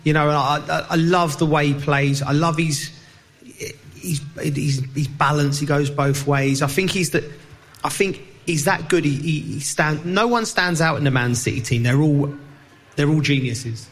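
A man with a slightly high voice talks football on a live podcast. He often trips over his own words and repeats himself while he works toward his point. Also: moderate pace, a bit bright. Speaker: podcast co-host. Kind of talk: casual football chat.

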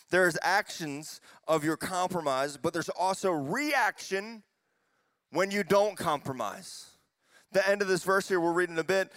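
A man preaching a sermon as pastor, impassioned, building to near-shouted peaks and dropping to quick asides. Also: a little high, no room sound. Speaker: youth pastor.

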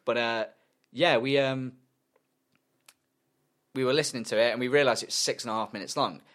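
A man's voice: medium pitch, fairly even intonation, moderate pace, a bit bright. A young man co-hosting a podcast, telling a long story in loose casual chat and swearing freely. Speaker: podcast co-host.

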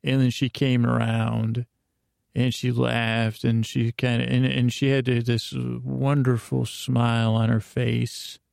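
A man's voice: mid-range voice, little pitch movement, slow, gravelly, darkish tone, no room sound, clean studio sound. A man hosting a podcast, narrating a rambling bedtime story with lots of restarts and self-corrections.

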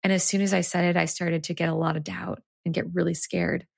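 Earnest woman with a gravelly voice. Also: fairly low pitch, level tone, a little fast, no echo, studio quality. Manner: reflective, earnest storyteller. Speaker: guest, executive coach and author. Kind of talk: conversational interview storytelling.

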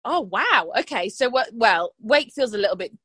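A woman's voice: on the high side, expressive, normal speed, fairly bright tone, slightly rough, dry recording. A woman from Yorkshire who works as a radio presenter, chatting and telling stories with easy laughs. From Yorkshire, England. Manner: chatty, laughs easily, storytelling. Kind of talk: casual chat interview.

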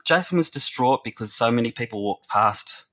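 A man's voice: medium pitch, lively intonation, moderate pace, fairly bright tone. A man, a researcher and former youth worker, talking earnestly and reflectively in a podcast discussion, often restarting his words.

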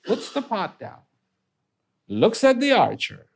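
A man telling parable stories in an animated, conversational way, with casual fillers. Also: high voice, slow, gravelly. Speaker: speaker. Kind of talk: storytelling talk.

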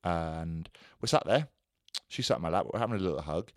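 A man's voice: sits low, lively intonation, fairly quick, dry recording, studio quality. A man in his thirties, a former rugby player co-hosting a casual podcast and telling chatty anecdotes. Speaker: podcast co-host. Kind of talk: casual chat.

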